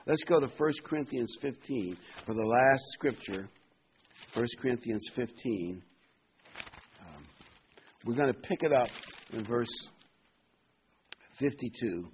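An older man preaching a sermon, reading scripture aloud and commenting between verses, rising in pitch and volume when he reads the verses. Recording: dull lo-fi sound with faint noise.

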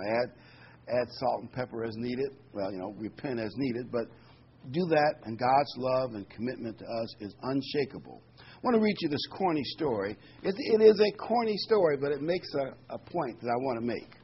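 A man's voice: mid-range voice, slightly rough. Folksy male preacher, slightly dull recording. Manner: conversational, folksy asides with fillers; reads scripture with rising emphasis. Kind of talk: sermon with scripture reading.

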